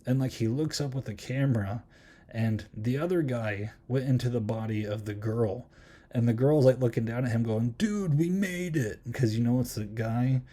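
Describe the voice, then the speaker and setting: Podcast guy reviewing a movie, lots of um and like, mellow darkish voice. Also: mid-range voice, steady tone, normal speed. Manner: rambling, many ums and likes. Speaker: podcast host. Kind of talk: casual film review chat.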